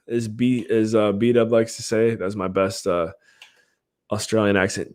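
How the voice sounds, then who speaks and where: A man's voice: mid-range voice, normal speed. A man hosting a live podcast stream, chatting casually and hyping the giveaways for his viewers. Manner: excitable, hypes the giveaways with countdowns.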